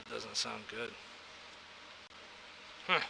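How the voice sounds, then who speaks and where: A man's voice: lowish voice, takes it slowly, vocal fry, background noise. A man in casual in-character role-play as a veteran contact, easygoing and fatherly.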